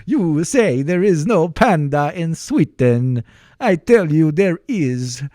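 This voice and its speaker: Man doing a daft panda in a broad, slow mock Swedish lilt. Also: fairly high pitch, lively intonation, warm tone, dry recording, clean studio sound, voice pushed up. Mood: silly. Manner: slow, sing-song and deliberately broken English. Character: goofy male panda with a mock Swedish accent.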